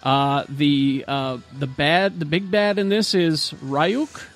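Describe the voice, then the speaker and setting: A podcast host keeps the chat on track, stumbling through fillers as he goes. His voice is high for a man. Quiet music sits faintly in the background. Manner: halting, filler-heavy, steering. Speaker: podcast host steering segments. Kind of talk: casual podcast banter.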